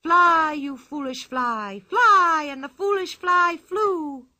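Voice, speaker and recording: A woman's voice: a little high, big pitch swings, normal speed, sharp tone, exaggerated voice. A woman voicing a wild, cheerful, boastful girl who talks playful nonsense as plain fact, in a storybook reading. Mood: excited.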